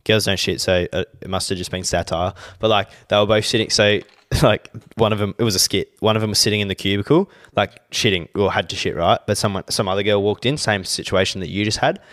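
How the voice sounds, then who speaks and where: Young co-host, lowish voice, blunt and laid-back, swears freely. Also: male voice, fairly even intonation, a little fast, few pauses, fairly bright tone. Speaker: podcast co-host. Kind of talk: casual chat.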